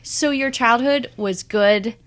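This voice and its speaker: A woman's voice: a little high, takes it slowly. A woman interviewing a guest, encouraging and attentive, with frequent short acknowledgements between her follow-up questions. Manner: encouraging, backchannels often. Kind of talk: conversational interview.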